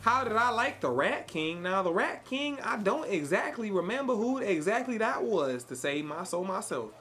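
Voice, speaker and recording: During live gameplay stream chat, a Chicago man banters with his viewers in a playful, put-on Southern cowboy drawl. He speaks at a moderate pace in a high, fairly bright voice with big pitch swings.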